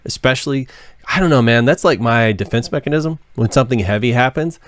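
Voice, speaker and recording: A man's voice: mid-range voice, no echo. A male podcast host chatting casually in loose, slangy bursts, laid-back and conversational.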